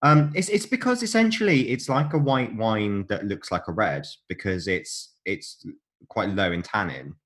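A man's voice: on the low side, animated, moderate pace, a bit bright. A man co-hosting a casual chat, explaining things in a chatty, jokey way and laughing often. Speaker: podcast co-host.

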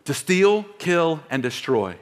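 This man's voice sits on the high side, slow and sing-song, as he preaches emphatically and draws call-and-response from the congregation. He is a pastor speaking in a church auditorium through a worn mic, with long hall reverb on the recording.

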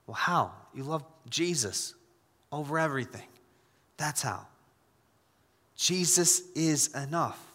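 A man pastor preaching a sermon, repeating key phrases and swinging from hushed asides to loud exhortation. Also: a little high, expressive, slow pace, long pauses. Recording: long church reverb.

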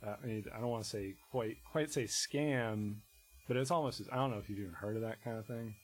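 A man, a musician guest in casual conversation, talking in a rambling, halting way full of restarts and fillers. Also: fairly low pitch, slight background noise, low-quality recording.

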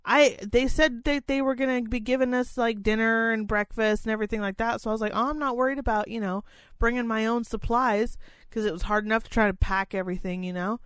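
A woman in casual conversation, recounting a draining day with plenty of swearing and exasperated sarcasm. She slips into high, mocking voices to imitate others. Her voice sounds dry and close. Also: fairly even intonation, brisk, clear, resonant tone, no echo. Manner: profane, exasperated, sarcastic ranting. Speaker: parent chaperone telling a story. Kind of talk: casual storytelling chat.

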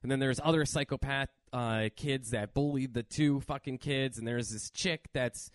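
A man hosting a casual horror movie podcast, talking in a profane, animated rant. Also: mid-range voice, normal speed, no echo, clean studio sound. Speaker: podcast host.

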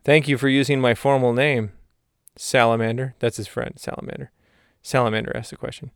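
Male podcast host, rambling comedic monologue, deadpan, smooth clear voice, dry close mic. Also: mid-range voice, brisk, no room sound. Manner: deadpan, digressive, self-mocking.

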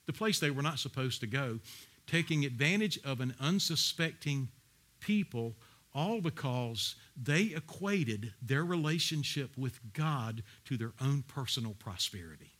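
A man's voice: medium pitch, expressive, unhurried, a bit bright. A man preaching a sermon, asking the congregation pointed questions and reading Bible verses aloud. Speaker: pastor.

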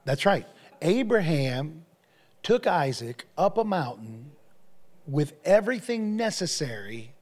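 A man's voice: fairly high pitch, big pitch swings, slow, darkish tone. A male pastor preaching a sermon, telling stories with energy and often repeating his phrases.

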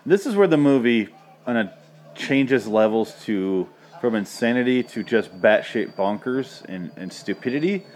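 A man's voice: mid-range voice, lively intonation, unhurried, darkish tone. A man casually reviewing a movie, rambling and sarcastic, with a lot of swearing.

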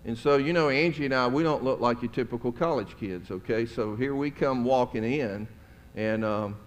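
A man's voice: mid-range voice, moderate pace. A middle-aged man, preaching a sermon as a pastor and telling stories in a conversational, folksy way. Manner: conversational, folksy, chuckling asides. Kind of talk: storytelling sermon. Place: church sanctuary. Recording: long church hall reverb.

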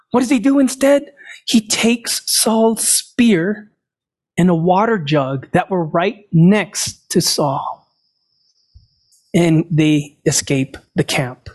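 A man preaching a sermon, retelling a scripture story and explaining it, asking and answering his own questions. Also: fairly high pitch. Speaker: pastor.

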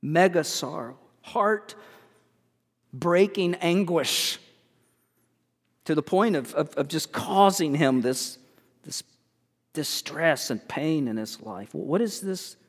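Male pastor, high voice, earnest sermon delivery with frequent restarts, church hall reverb. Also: lively intonation. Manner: earnest, halting with many repeated words.

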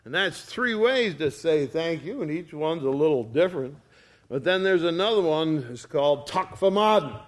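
A man's voice: a little high, animated, moderate pace. A man preaching a sermon as pastor, telling stories in a folksy, homely way. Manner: folksy storytelling.

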